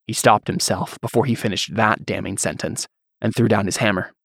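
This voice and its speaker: A man reading fantasy fiction as narrator, in a measured storyteller's way. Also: fairly low pitch, fairly even intonation, a bit bright, no room sound, clean studio sound.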